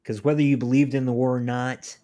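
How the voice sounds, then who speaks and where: A man co-hosting a podcast, talking earnestly and at length, voice sinking quietly at the ends of thoughts. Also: mid-range voice, flat delivery, brisk. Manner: earnest, preachy, trails off quietly. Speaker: podcast co-host. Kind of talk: casual podcast discussion.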